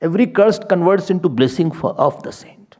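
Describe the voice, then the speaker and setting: A man telling a devotional story as a spiritual teacher, animated and acting out his characters' lines. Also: sits high, normal speed.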